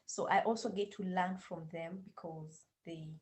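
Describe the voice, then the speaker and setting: A woman with a Kenyan accent talks in a casual interview over a video call. Her voice sits fairly low, and she speaks hesitantly with frequent fillers and restarts. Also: steady tone, normal speed, a little mellow, poor audio. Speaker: guest language teaching assistant.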